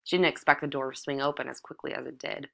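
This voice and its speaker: Low-voiced woman reading a novel. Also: steady tone, fast talker, vocal fry, fairly bright tone. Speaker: audiobook reader. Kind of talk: novel narration read aloud.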